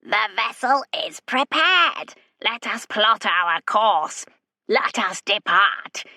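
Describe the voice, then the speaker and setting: Woman putting on a vengeful ancient alien, slow anguished bellow, bright tense tone, dry close sound. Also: medium pitch, animated, no echo, pitched above the performer's own voice, heavily acted. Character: huge ancient alien machine-being, vengeful.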